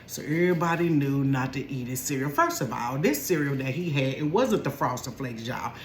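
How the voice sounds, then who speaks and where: A woman's voice: extremely low pitch, moderate pace, slight background noise. Sassy woman telling a comic story. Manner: sassy, animated, laughs often. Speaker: comedic storyteller. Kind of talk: comedic storytime. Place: bedroom. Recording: roomy bedroom echo.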